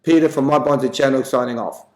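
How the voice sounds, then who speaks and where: A man's voice: medium pitch, steady tone, fast, a little mellow. A man hosting a show and telling jokes in a chatty way, lightly mimicking the characters. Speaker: joke-telling host. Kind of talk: casual joke telling. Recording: echoey room.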